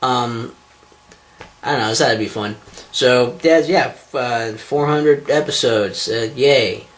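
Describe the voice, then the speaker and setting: A man hosts his own online show, speaking to the camera in a rambling, sarcastic, self-mocking style, swearing a lot and filling his talk with ums and restarts. He is a vlogger and show host with a mid-range voice and a slow pace.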